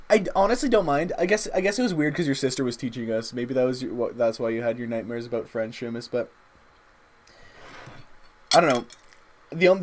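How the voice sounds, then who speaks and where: A young man, chatting casually and haltingly with viewers while drawing on a livestream. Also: medium pitch, darkish tone, slight background noise. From Canada. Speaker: streamer drawing live.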